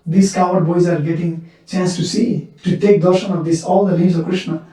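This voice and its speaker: A wistful, lovesick young village girl slowly telling her friends about her longing, as a man speaks her lines in his own voice. The tone is high and mellow. It sounds echoey and distant, like a temple hall. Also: level tone, natural voice.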